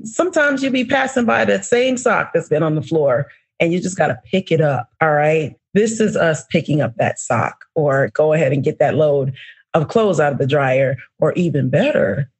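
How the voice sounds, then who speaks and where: A woman hosting a podcast in a lively, playful, slangy way, with her voice swinging high for emphasis. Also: husky. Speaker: podcast host. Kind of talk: casual podcast chat.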